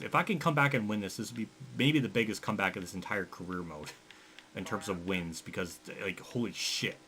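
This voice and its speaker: A man rants through a racing game in a bright, forceful voice. He swears constantly and flares into angry yells, sounding short of breath. A faint hiss of noise sits under the recording. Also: fairly low pitch, a little fast. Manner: frustrated, swearing, yelling in bursts. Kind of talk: angry gameplay commentary.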